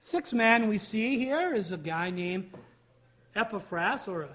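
A man's voice: high-pitched, sing-song, measured pace, a bit bright. A man preaching a sermon as a pastor, emphatic and full of rhetorical questions.

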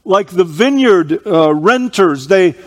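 A man with a high, animated voice delivers a church sermon in a large hall. He reads scripture slowly, leaning on emphatic stresses, and keeps clearing his throat due to allergies.

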